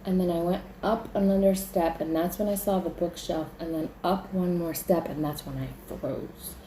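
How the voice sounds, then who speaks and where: A woman recounts a frightening dream as a casual story, chatty and full of "like". Her voice is mellow and warm. The room around her adds an echo. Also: fairly low pitch, fairly even intonation, moderate pace, a little hiss or hum. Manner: chatty, leans on "like", acts out her own panic. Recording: roomy echo.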